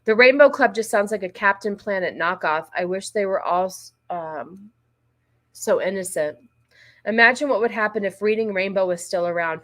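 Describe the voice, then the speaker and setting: A woman's voice: mid-range voice, normal speed, fairly bright tone. A middle-aged woman hosting a casual commentary livestream, blunt and exasperated, with frequent profanity. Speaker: livestream host.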